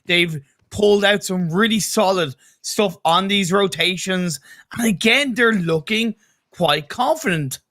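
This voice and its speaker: An Irish man gives easygoing, analytical colour commentary on a live esports match. His voice is high for a man, and his tone is bright and forward. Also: a little slow. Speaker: esports co-caster.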